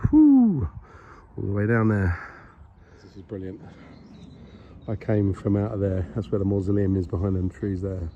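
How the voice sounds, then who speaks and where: A man's voice: on the low side, mellow, dull audio. Breathless man vlogging outdoors. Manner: chatty, rambling, self-mocking. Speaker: vlogger exploring a historic site. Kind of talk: casual walking vlog. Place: outdoors on a hilltop by a graveyard. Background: birdsong.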